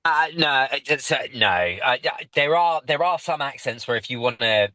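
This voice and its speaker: A man talking in a bright, forceful voice, joking and riffing through a loose podcast conversation. The sound is dry and close, with no room around him. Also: mid-range voice, no room sound. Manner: jokey, riffing, quick banter with restarts. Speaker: stand-up comedian guest. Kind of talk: casual podcast chat.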